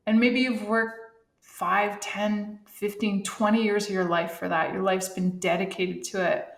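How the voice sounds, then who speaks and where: A middle-aged woman, a former Olympic athlete, telling animated stories in a casual podcast interview, laughing often. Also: medium pitch, a little slow, vocal fry, echoey room.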